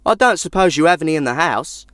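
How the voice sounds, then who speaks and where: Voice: mid-range voice, expressive, fast talker, fairly bright tone, no echo, studio quality, pitched above the performer's own voice, close to an everyday voice. A storyteller voicing a hungry, crafty traveller who coaxes an old woman with a tall tale. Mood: coaxing. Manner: coaxing, persuasive. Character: hungry, crafty wandering man.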